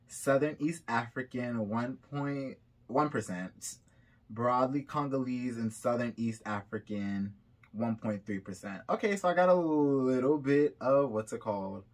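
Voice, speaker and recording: A young Haitian-American man vlogging casually, reading results aloud with chatty asides while a bit sick. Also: mid-range voice. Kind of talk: casual vlog reaction.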